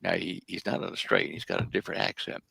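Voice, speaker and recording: This older American interview guest has a deep, husky voice with vocal fry, bright and forceful, at a quick pace and fairly even intonation, on a dry recording. He tells long, rambling stories, hesitating a lot in casual conversation.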